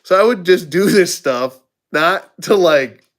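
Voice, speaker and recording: A man's voice: high-pitched, animated, a little slow. A middle-aged man, a channel host, telling restaurant stories in casual chat, laughing often and acting out the voices of the people in them.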